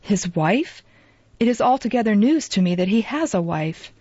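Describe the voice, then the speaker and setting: Woman doing sick sad older guy, murmury and husky, dull dry lo-fi sound. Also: mid-range voice, expressive, moderate pace, mellow, no room sound, natural voice. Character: ailing middle-aged man, sad and forgiving.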